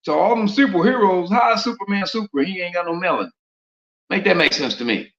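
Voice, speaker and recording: An animated religious speaker with a high, slightly bright voice talks a little fast, preaching informally in street slang and firing off rhetorical questions. The muffled lo-fi audio carries a roomy echo.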